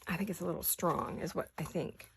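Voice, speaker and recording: An older woman who is hoarse today, chatting casually while she crafts in her home studio and thinking aloud in wandering asides. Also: lowish voice, fairly even intonation, fairly quick, slight background noise. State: hoarse, deep voice. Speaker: craft vlogger.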